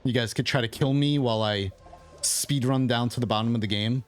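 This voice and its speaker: A man's voice: medium pitch, a little fast, faint music behind. A man who is losing his voice, casually thinking aloud as he explains his gameplay as the host of a gaming video.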